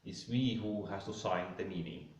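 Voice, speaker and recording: Man leading a slow close reading. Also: low voice, muffled recording. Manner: careful, halting, rereads passages aloud. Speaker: reading group leader. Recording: roomy, distant mic.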